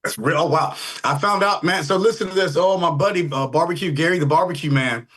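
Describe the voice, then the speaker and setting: A middle-aged man, a rock singer, chatting over a video call in a relaxed, rambling way with many fillers. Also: on the high side, a little fast, breathy edge. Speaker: rock band lead vocalist. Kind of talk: casual interview chat.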